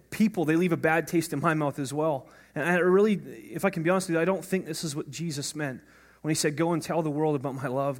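A man preaching a sermon as pastor in a conversational way, often asking "right?" and restarting his words. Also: high-pitched. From North America.

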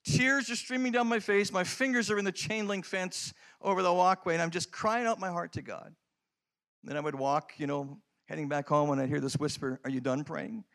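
Middle-aged man, high-pitched; pastor preaching a story-driven sermon, emphatic then hushed. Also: moderate pace, gravelly. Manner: storytelling, swings from loud emphatic lines to hushed prayerful ones.

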